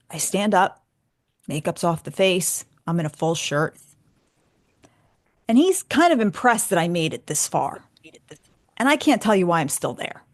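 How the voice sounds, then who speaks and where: A woman author, a guest on a radio show, telling a personal story casually and acting out the dialogue as she goes. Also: lowish voice. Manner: animated, acts out dialogue. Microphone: studio microphone.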